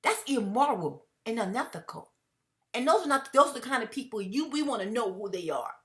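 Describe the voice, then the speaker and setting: A woman's voice: fairly high pitch, lively intonation, brisk, a bit bright. A middle-aged woman hosting her own commentary channel, talking to viewers in an emphatic way that repeats phrases and breaks into laughs between points.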